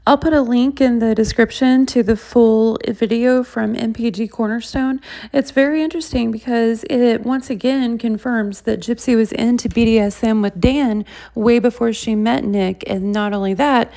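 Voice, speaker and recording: A woman's voice: on the high side, fairly even intonation, normal speed, creaky, mellow. A woman, chatting casually to viewers as she comments on clips. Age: 40s. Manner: chatty, addresses viewers as y'all. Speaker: commentary host.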